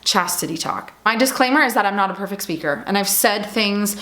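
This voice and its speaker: A woman's voice: medium pitch, expressive, brisk, a bit bright, reverberant. A woman speaking earnestly to camera as a vlogger, heartfelt and apologetic, with frequent fillers like "like" and "um".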